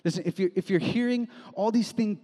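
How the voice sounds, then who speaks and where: A young man preaching a sermon as a pastor, casual and animated, telling stories with slang. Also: high-pitched, fairly quick. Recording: long hall reverb.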